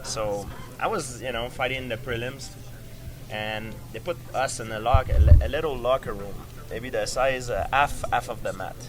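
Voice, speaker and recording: A man with a French Canadian accent, a fighter telling a story at a press interview, halting with lots of fillers and restarts. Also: medium pitch. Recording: noisy crowded event. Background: crowd chatter.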